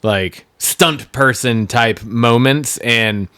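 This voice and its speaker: A man co-hosting a casual wrestling podcast, chatty and relaxed, with frequent laughs and fillers. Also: mid-range voice, drawn-out words, clean tone, dry recording. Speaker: podcast co-host.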